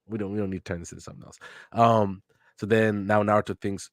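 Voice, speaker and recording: A man's voice: fairly low pitch, level tone, fast, no echo, studio quality. A young man hosting a podcast, reading a manga aloud and reacting to it in casual, joking, profane commentary with bursts of laughter. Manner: joking and profane, with sudden loud laughing outbursts.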